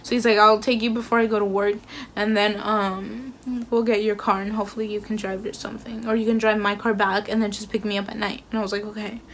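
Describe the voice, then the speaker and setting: A woman's voice: mid-range voice, flat delivery, fast, a bit bright, a little hiss or hum. A young woman casually retelling a story, full of filler words and quoted dialogue. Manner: chatty, filler-heavy retelling with acted quotes. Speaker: vlogger.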